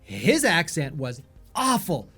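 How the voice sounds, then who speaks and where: A man hosting a casual movie review chat, halting with many fillers and restarts. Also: a little high, wildly swooping pitch, bright, forceful tone, husky, soft background music. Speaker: podcast host.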